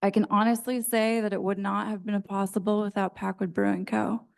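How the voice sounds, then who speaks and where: A woman's voice: mid-range voice, little pitch movement, brisk, creaky. A woman reading an earnest prepared statement as a public commenter at a county planning meeting.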